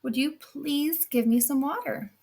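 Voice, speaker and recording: Woman putting on a creaky old hag, high and quavering, drawn-out pleading, storybook crone. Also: a little mellow. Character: hunched, smelly old hag begging for water.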